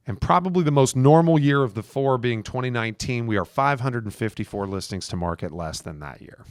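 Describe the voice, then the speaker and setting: On a podcast recorded with studio quality and no room sound, a man with a fairly low voice coaches real estate agents. His advice is casual but emphatic, aimed directly at listeners.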